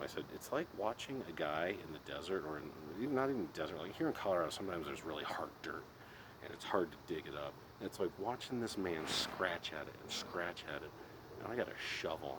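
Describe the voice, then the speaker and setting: Very deep-voiced exasperated man ranting. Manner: exasperated ranting, frequent restarts and laughs. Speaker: podcast host. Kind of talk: casual monologue. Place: Colorado. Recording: noisy background.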